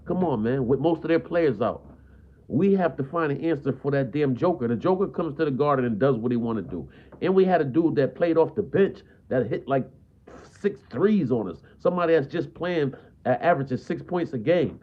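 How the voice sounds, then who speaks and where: A frustrated man vents about his team on a live stream, circling back to the same complaints again and again. His voice sits at an ordinary pitch and comes through thin and phone-like. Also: lively intonation, brisk. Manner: frustrated, repetitive, peppers talk with "man". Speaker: basketball fan streamer. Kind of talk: live stream sports rant. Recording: tinny phone-like audio.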